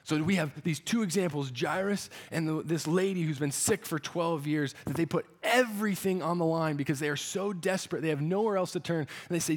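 A man's voice: on the high side, a little fast, hardly any pauses. A man preaching a sermon, retelling a story with earnest feeling and frequent restarts. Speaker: pastor.

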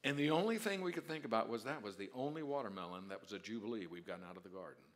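A male pastor preaching a sermon, dropping to quiet asides and then rising to loud, drawn-out emphatic declarations. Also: on the low side, expressive. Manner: stretches key words slowly for emphasis.

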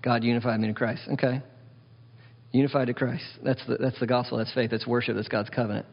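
A man preaching a sermon as pastor, animated and wry, asking the congregation questions. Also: mid-range voice, quick pace, gravelly, slightly rough, in a large hall, highs cut off. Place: church hall.

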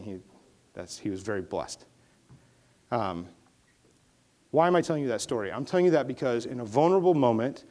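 A man's voice: medium pitch, a little mellow. A middle-aged male pastor telling a war story in a conversational sermon, building to impassioned preaching.

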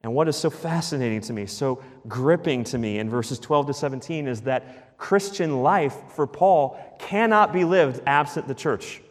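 A man preaching a sermon as pastor, emphatic, repeating key phrases and dropping to a hush at the ends of lines. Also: medium pitch, moderate pace, few pauses, in a large hall.

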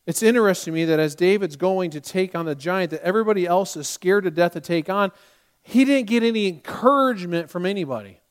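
Male pastor, high-pitched, emphatic sermon delivery with big loud-to-soft swings. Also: quick pace.

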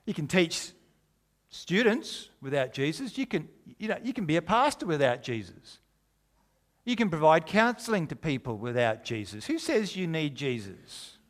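A man's voice: a little high, big pitch swings, normal speed. A middle-aged man preaching a sermon, conversational and jokey but driving home his points with emphasis. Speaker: pastor.

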